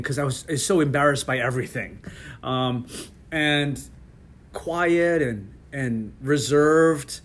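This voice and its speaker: A middle-aged man in a relaxed interview, talking with many restarts and frequent laughs. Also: medium pitch. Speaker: interview guest. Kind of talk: casual conversational interview.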